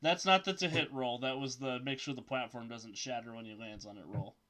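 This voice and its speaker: A man running a tabletop game as game master, narrating dice rolls in a brisk, matter-of-fact way. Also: mid-range voice, sharp tone.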